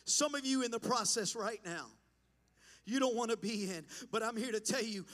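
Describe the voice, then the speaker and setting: High-voiced impassioned male preacher. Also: normal speed, long reverb tail. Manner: impassioned, rising to shouts. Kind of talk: pentecostal-style sermon. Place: church sanctuary.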